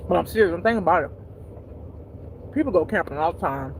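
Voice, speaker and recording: A woman's voice: lowish voice, expressive, quick pace, a little hiss or hum, poor audio. A woman chatting loosely and profanely to her viewers, laughing often at her own jokes. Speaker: spiritual teacher streaming live. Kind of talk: casual unscripted chat.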